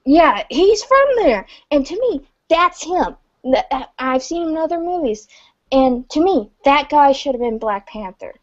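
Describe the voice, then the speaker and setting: A woman's voice: high voice, sing-song, measured pace. A woman hosting a casual podcast chat, chatty and hesitant with many fillers. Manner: chatty, hesitant, laughs often. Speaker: podcast host. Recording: dull lo-fi sound.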